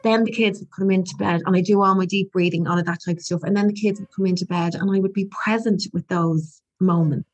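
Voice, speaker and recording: A woman's voice: medium pitch, steady tone, fast talker, hardly any pauses. A woman in her forties, a podcast guest, talking in an earnest, reflective way with frequent restarts. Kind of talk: candid conversational interview.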